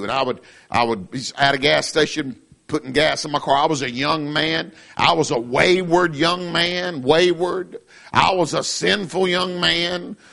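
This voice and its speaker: A man's voice: fairly high pitch, vocal fry, sharp tone. A middle-aged man preaching a fiery sermon as pastor, in an emphatic, repetitive cadence.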